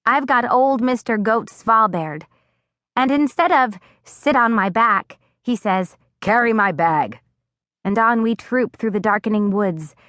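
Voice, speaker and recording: Woman reading a kids' audiobook, mid-pitched, expressive, super dry studio sound. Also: no echo. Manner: expressive, acting out dialogue. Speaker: audiobook narrator. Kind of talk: scripted first-person narration. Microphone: close studio mic.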